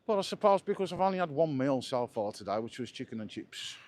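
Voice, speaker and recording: A man's voice: mid-range voice, big pitch swings, fast, a little mellow. A man chatting enthusiastically as he walks through resort streets, live-streaming a travel vlog from a handheld camera. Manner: chatty, enthusiastic tour commentary. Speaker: travel vlogger. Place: outdoors on busy resort streets. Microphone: handheld camera while walking.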